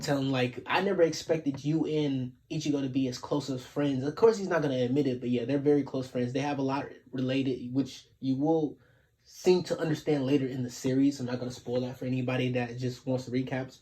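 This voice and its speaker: A man's voice: medium pitch, steady tone, moderate pace, a little mellow. A man casually recapping an anime episode in a laid-back, slangy way, retelling scenes with lots of filler.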